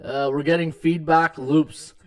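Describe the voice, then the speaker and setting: A man's voice: on the high side, little pitch movement, a little slow, a little mellow, recorded from a distance. A middle-aged man hosting a live sports betting stream in casual chat, full of fillers and restarts. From Canada. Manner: chatty, many fillers and restarts. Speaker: sports betting podcast host. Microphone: desktop mic. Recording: tinny echoey home stream mic.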